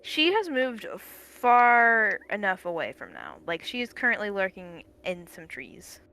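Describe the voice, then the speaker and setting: A young woman narrating a tabletop game as game master, halting with many fillers. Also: mid-range voice, very animated, sharp tone.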